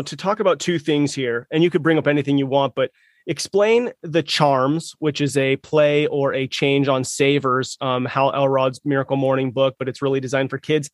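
A man hosting a podcast in casual interview talk, upbeat and quick to affirm his guest. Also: mid-range voice, no echo, studio quality. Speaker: podcast host.

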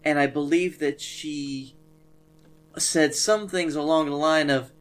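A man, co-hosting a podcast and telling stories in a dry, deadpan way. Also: on the high side, slow. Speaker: podcast co-host. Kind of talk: casual comedic storytelling.

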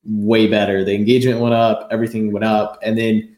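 A man's voice: on the low side, flat delivery, fast talker, a little mellow, echoey room. A man hosting a podcast, upbeat and chatty, often stumbling over restarts and filler words. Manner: enthusiastic, stammers and restarts, many "like"s. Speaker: podcast host. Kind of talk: casual interview talk.

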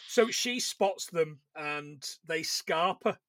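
A man with a high, bright voice leads a casual film-review podcast. He jokes constantly, swears freely and laughs between points. The sound is dry and close. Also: animated, slow pace, no room sound. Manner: swearing, joking, laughs often. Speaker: podcast co-host.

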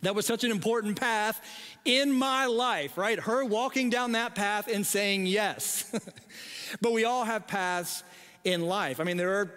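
A man in his forties preaching a sermon, telling a story in a self-deprecating, animated way with halting restarts. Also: sits high. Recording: long reverb in a large hall.

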